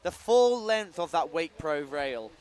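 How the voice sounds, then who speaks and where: A man's voice: on the high side, big pitch swings, unhurried, darkish tone. A man commentating live on a sports stream, giving enthusiastic play-by-play and rattling off trick names.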